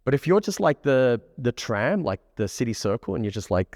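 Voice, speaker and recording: A man coaching a live group of students, keeping the session energetic and often checking that the room follows him. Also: medium pitch, normal speed, hardly any pauses, dry recording, clean studio sound, big-room sound. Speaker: dating coach. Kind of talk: live workshop teaching to a group. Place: room with a live audience, on stage.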